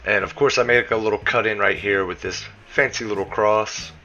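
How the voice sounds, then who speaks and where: A man's voice: on the low side, steady tone, normal speed, sharp tone, muffled recording, soft background music. A man with a Southern US accent giving a casual, chatty voice-over for a game building tutorial, dropping plenty of "you know" asides. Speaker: game building guide creator.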